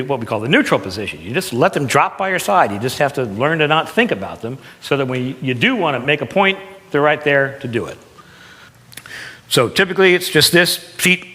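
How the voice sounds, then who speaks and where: A man coaching an audience on presenting, talking in a lively, conversational way and stressing words to make his points. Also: fairly high pitch, big-room sound. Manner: animated, conversational, demonstrates with emphasis. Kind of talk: live seminar talk.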